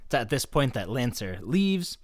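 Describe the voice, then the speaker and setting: A man's voice: mid-range voice, very animated, moderate pace, slight background noise. A male podcast host recapping an episode in casual chat, swearing, laughing often and acting out the characters' lines.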